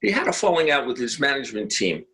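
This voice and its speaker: A man's voice: medium pitch, very animated, quick pace, sharp tone, breathy edge, low-quality recording. An older man, a guest musician, telling long rambling anecdotes in a casual interview. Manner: rambling, anecdotal, many restarts. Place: home, video call.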